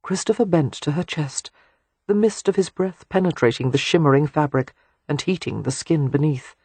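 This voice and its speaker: An audiobook narrator reading a romance novel in a soft, hushed, unhurried way. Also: mid-range voice, husky, dry recording.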